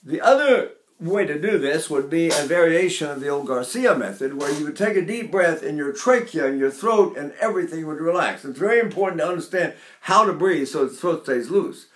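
An older male voice teacher explains technique to his students in a fairly high speaking voice. He addresses the class directly, stopping now and then to demonstrate a sound. The room adds a noticeable echo. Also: expressive, a little fast, hardly any pauses, a bit bright. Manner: talks to his class, breaks into brief sung and nasal demonstrations. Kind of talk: vocal lesson with sung demonstrations.

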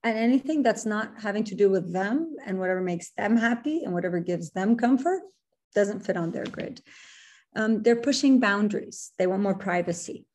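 Earnest woman speaker with a mellow voice. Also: mid-range voice, lively intonation, normal speed. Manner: earnest, repeats and corrects herself, mixes in Arabic phrases. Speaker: workshop speaker. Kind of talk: webinar presentation to parents.

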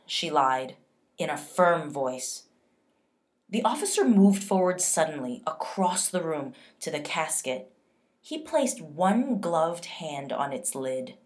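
Woman teacher, storybook read-aloud for kids; slow, lowish voice, expressive. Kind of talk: reading a novel aloud to children.

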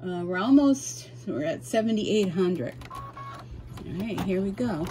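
Woman vlogger, mid pitch, chatty and flustered; camera mic in a noisy home room. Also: lively intonation, takes it slowly. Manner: flustered, chatty, apologetic to viewers. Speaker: embroidery vlogger. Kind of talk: casual how-to chat while working. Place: home sewing room with window open and ceiling fan. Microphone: camera mic, no microphone on.

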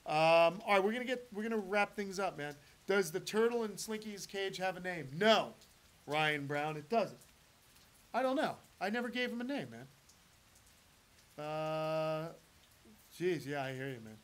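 Casual chatty man, fairly high voice. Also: lively intonation, measured pace, a bit bright. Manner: rambling, casual, with many fillers and restarts. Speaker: host of a reptile channel. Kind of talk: live-stream chat answering viewer questions.

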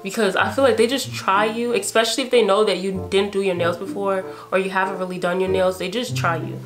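Animated young woman, music behind. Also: mid-range voice, a little fast. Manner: animated, re-enacts dialogue with exclamations; casual slangy speech. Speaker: vlogger. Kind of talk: storytime vlog.

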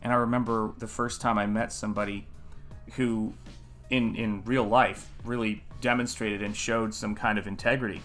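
Low-ish guy streaming while he paints, earnest rambly chat, greets viewers, faint music behind. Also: little pitch movement, moderate pace, fairly bright tone. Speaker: artist hosting a live painting stream.

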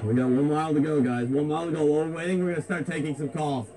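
A man's voice: a little high, fairly even intonation, rapid-fire, a crowd in the background. A man hosting a comedic vlog, hyped and out of breath, repeating himself as he walks outdoors. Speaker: parody vlogger host. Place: outdoors on a busy street. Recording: loud street noise.

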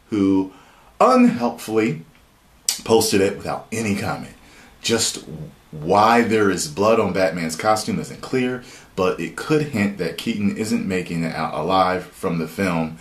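A man giving excited, profane, rambling video commentary and reading an article aloud. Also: fairly low pitch. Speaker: YouTube commentator. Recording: roomy echo.

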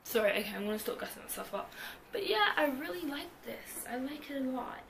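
A woman's voice: sits high, big pitch swings, brisk, a bit bright, slight background noise. A woman chatting through a clothing try-on haul at home, rambling and joking at herself, full of "like". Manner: bubbly, rambling, self-mocking, heavy use of "like". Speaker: fashion vlogger.

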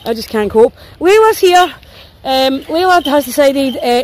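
Out on a walk in the woods, a Scottish woman films a casual vlog of her dogs, talking to her phone in a high, lively, slightly mellow voice at a moderate pace, with a little hiss or hum. Tired and sore, she chatters and swears along the way, voicing what her dogs might be thinking.

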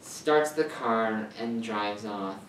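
A man's voice: lowish voice, slow pace, slight background noise. A young man reading his fan story aloud in an amateur way, stumbling and repeating words, on a distant mic in a roomy space.

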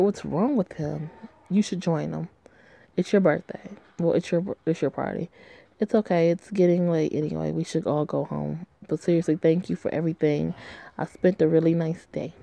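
Gravelly low-voiced woman gaming. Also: moderate pace, dark tone. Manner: blunt, profane, talks back at the characters. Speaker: gamer reading a story game aloud. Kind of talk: casual play-through commentary.

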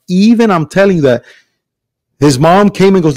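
Brief: middle-aged male podcast host, animated storyteller, fairly high voice, dry close sound. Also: a little fast, dry recording. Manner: animated storyteller, acts out quotes with big voices. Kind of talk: casual chat.

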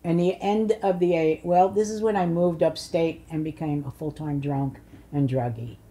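A woman's voice: low-pitched, fairly even intonation, moderate pace, dark tone. An older woman in an oral history interview, telling blunt, funny stories and acting out what people said. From Polish immigrant family. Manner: blunt storyteller, acts out voices and curses.

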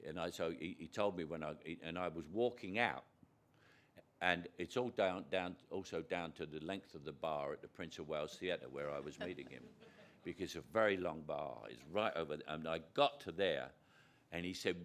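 A man's voice: sits low, brisk. An older man from Britain, a guest actor in an on-stage conversation before an audience, telling rambling anecdotes with chuckles and frequent restarts.

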